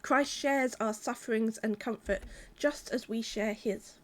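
A woman delivering a sermon in a calm, measured, reflective way. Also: fairly high pitch. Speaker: preacher.

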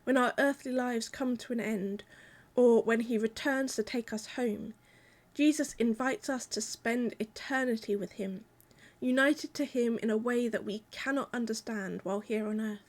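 A woman delivering a sermon in a calm, measured, reflective way. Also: fairly high pitch. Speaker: preacher.

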